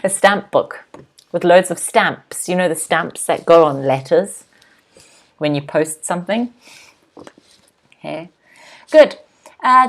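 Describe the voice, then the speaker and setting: A woman in her thirties teaching an English lesson, repeating words slowly and clearly for pronunciation practice. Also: fairly low pitch.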